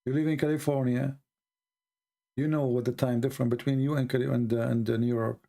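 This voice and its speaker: A man hosting a casual livestream, rambling and animated, often mocking people in put-on voices. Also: mid-range voice, fairly quick, creaky. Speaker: livestream host.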